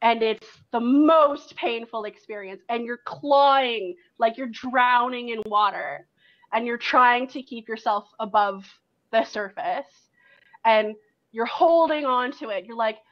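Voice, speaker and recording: A woman's voice: on the high side, unhurried. A woman game master narrating a tabletop game in second person, in a loose way full of likes and ums. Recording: dull lo-fi recording.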